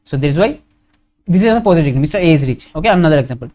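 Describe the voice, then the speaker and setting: A man with an Indian English accent teaching a grammar lesson, going slowly and repeating his examples, often asking a question and then answering it himself. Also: fairly high pitch, animated, mellow. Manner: slow, repetitive, asks questions and answers them.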